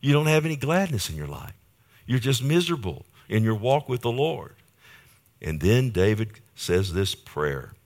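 A pastor preaching a sermon, building to emphatic bursts, reading scripture slowly and asking the congregation "Amen?". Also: male voice, medium pitch, sing-song, a little mellow.

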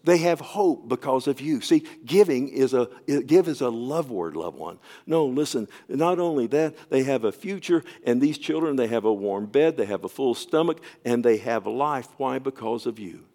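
A man who is a pastor, preaching a sermon and telling a story, often falling to a soft, near-whispered voice with stammering restarts. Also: medium pitch, expressive, normal speed, hardly any pauses.

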